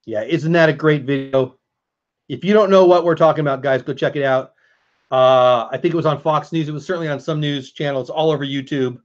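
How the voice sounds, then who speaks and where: A man's voice: fairly high pitch, fairly even intonation, brisk, lo-fi sound. A man hosting a casual live stream, chatting with viewers and answering chat as he goes.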